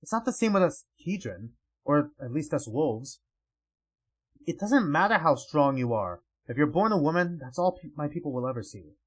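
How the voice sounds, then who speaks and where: A man's voice: on the high side, very animated, normal speed, voice pushed down. A man voicing a proud, bitter wolf warrior who speaks bluntly.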